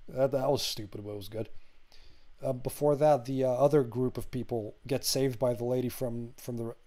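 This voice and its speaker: A man's voice: medium pitch, fairly even intonation, moderate pace, dark tone. A man co-hosting a podcast, chatting casually about a film. He rambles, swears often and laughs as he retells scenes. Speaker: podcast co-host. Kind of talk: casual chat, film review.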